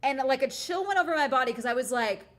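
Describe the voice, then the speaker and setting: A woman's voice: sits high, lively intonation, quick pace. A young woman from the United States chatting casually on a livestream, rambling and sarcastic as she talks to her chat. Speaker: streamer.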